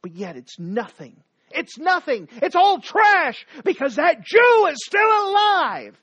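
A man's voice: sits high, sing-song, normal speed, no echo, muffled recording, full character voice. A man putting on a boastful ancient official. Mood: bitter. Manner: bragging, shouting in bursts. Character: boastful, hateful ancient male royal official.

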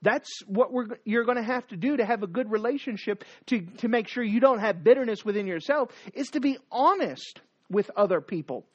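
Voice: medium pitch, a little fast, hardly any pauses, dull audio. A preacher giving a sermon, exhorting the listeners with repeated commands and rhetorical questions.

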